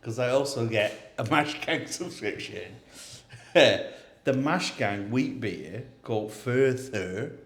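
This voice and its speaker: A man's voice: medium pitch, expressive, takes it slowly, fairly bright tone. Man, podcast co-host, casual chat, laughing and rambling, echoey room.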